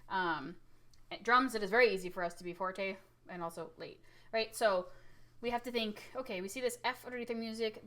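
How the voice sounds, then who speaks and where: A female music teacher leads an informal recorded lesson in a medium-pitched voice. She's upbeat and talkative, frequently tacking on "right?" and demonstrating loud versus soft by singing or speaking it herself.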